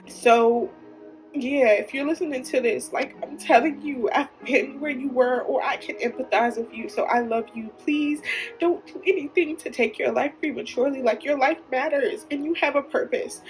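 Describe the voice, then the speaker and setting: A woman hosting her own podcast, talking earnestly and emotionally, tearful at times. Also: high voice. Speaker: podcast host. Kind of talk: heartfelt solo podcast talk.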